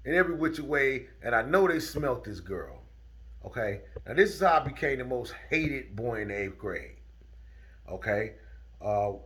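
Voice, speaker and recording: A middle-aged man telling a true story from his school days in a casual, drawling way that turns heated. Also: medium pitch. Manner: drawling, chuckling, gets heated and loud.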